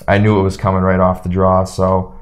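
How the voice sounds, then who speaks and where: A young man, a former hockey player, telling stories in a relaxed way as an interview guest and acting out what others said. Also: low voice, a little fast. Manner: relaxed storyteller who acts out quotes. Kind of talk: casual storytelling interview.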